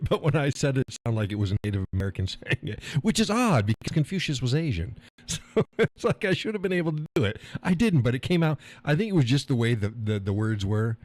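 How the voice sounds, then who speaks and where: A man's voice: mid-range voice, a little mellow. A man hosting a live stream, reading out viewer chat in a rambling, folksy way and chuckling often.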